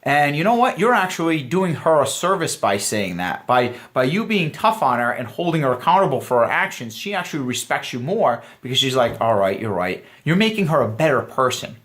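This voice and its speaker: A man's voice: on the high side, very animated, fairly quick, hardly any pauses, fairly bright tone. A man giving earnest, emphatic dating advice straight to camera, talking to viewers as guys. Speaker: dating coach. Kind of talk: direct-to-camera coaching talk.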